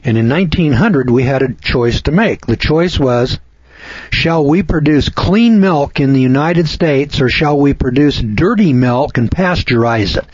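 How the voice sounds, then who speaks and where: An older man hosts a radio show, offering folksy, preachy commentary and stretching key words for emphasis. His voice is a little high, animated, a little slow, darkish, and slightly rough. The recording has no echo and a dull lo-fi radio sound.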